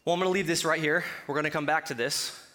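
A man's voice: on the high side, steady tone, fast talker, bright, forceful tone. A male pastor from Colorado preaching a sermon in a conversational, joking way, with humorous asides between scripture readings.

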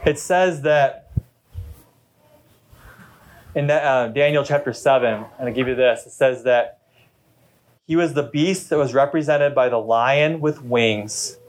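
A man's voice: mid-range voice, takes it slowly, pauses often. A middle-aged man, a pastor, preaching a sermon in a chatty, storytelling way during a church service. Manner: conversational storytelling preacher, talkative.

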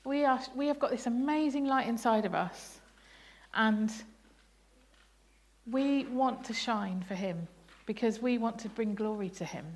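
Unhurried and slightly high, this woman's voice carries a darkish tone. She's leading an interactive family sermon at a church service as a bible study leader, laughing and playfully quizzing the congregation.

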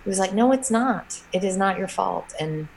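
A middle-aged woman, a guest in an interview, telling a personal story in a halting, emotional way with many restarts. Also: medium pitch, expressive, gravelly, a little mellow, slight background noise, poor audio.

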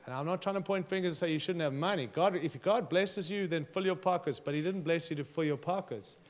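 Impassioned preacher, a man with a fairly high voice. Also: brisk. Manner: impassioned, emphatic preaching with direct challenges to listeners. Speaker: pastor. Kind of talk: sermon.

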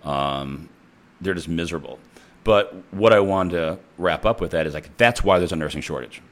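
A man's voice: sits low, moderate pace. A man who works as a nurse, telling a story in a casual, blunt and profane way.

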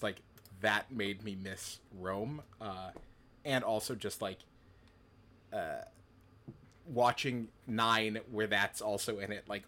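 A man's voice: lowish voice, fairly bright tone, a little hiss or hum. A man co-hosting a podcast, telling long stories in casual chat with many fillers and restarts. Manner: rambling, filler-heavy storytelling. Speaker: podcast co-host.

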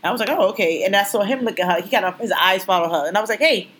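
A woman of Caribbean descent telling stories in an animated, naturally loud way as a podcast co-host. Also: mid-range voice, racing, slight background noise. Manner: animated storytelling, self-described naturally loud. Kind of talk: casual chat.

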